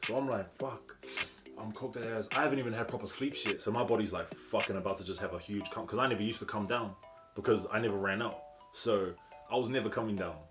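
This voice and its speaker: A man's voice: on the low side, fast talker. A young man with a New Zealand accent, telling a story casually, swearing freely and acting out what people said, with music behind him. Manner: slangy, swears a lot, acts out quotes. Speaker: vlogger.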